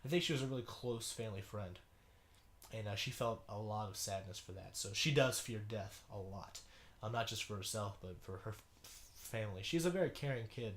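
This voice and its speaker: Young man, casual rambling commentary, halting speech, lots of fillers, runny nose. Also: on the low side, animated, fairly bright tone. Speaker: video blogger. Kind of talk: casual commentary reading a sibling's schoolwork.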